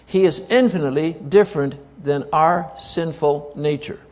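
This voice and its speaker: A man's voice: a little high, normal speed, a little mellow, in a large hall. A man preaching a sermon to a congregation, emphatic, repeating key words and asking the audience rhetorical questions.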